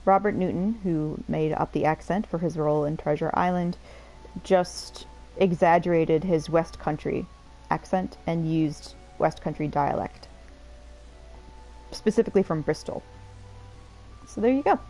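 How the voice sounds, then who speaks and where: Mellow low-voiced woman chatting over a game. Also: soft background music, poor audio. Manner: rambling, chatty, quick to laugh. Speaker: streamer playing a game. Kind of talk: casual let's-play commentary.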